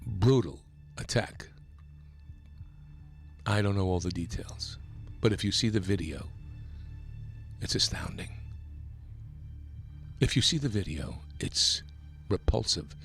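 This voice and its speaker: A man hosting a talk radio show, delivering an impassioned, emphatic political monologue that climbs toward near-shouting. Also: fairly low pitch, animated, measured pace, creaky, soft background music. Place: radio studio.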